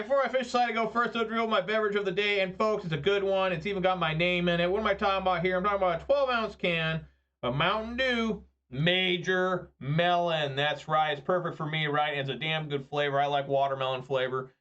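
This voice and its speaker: A man's voice: sits high, steady tone, brisk, bright, forceful tone, highs cut off. A man, rambling and joking through casual gameplay commentary. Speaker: gaming video creator.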